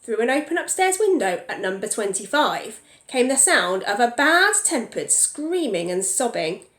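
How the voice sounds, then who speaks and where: A woman teacher reading a picture book aloud to young children, pausing to ask them questions. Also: a little high, very animated, a bit bright, roomy sound.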